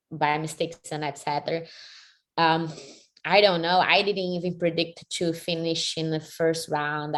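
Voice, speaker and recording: A woman, a fighter answering interview questions energetically, with many "like" fillers. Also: sits low. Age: 30s. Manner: energetic, frequent "like" fillers, second-language phrasing. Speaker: MMA fighter and jiu-jitsu athlete.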